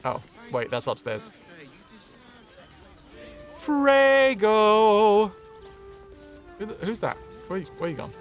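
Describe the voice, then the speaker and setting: A man's voice: high-pitched, big pitch swings, takes it slowly, pauses often, over music. A young man streaming a video game, chatting and joking playfully as he plays. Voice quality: jokey, playful, sings snippets. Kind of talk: live game commentary.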